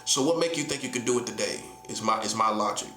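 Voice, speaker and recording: A man's voice: lowish voice, quick pace, bright, forceful tone, echoey room, faint music behind. A man from North Carolina with a Southern accent, preaching in a casual, emphatic monologue full of rhetorical questions and slang. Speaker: prophet.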